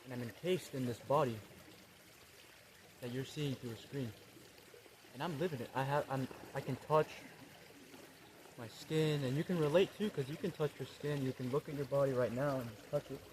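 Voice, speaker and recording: A man in a parody spiritual vlog monologue, talking in laid-back bro slang with swearing and a slow, dreamy delivery. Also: medium pitch. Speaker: comedy creator. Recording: running water noise behind. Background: trickling, pouring water.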